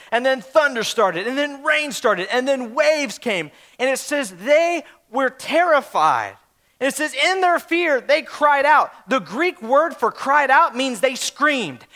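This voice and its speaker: A man preaching a sermon as a pastor, telling a story in an animated way with joking asides. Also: very high voice.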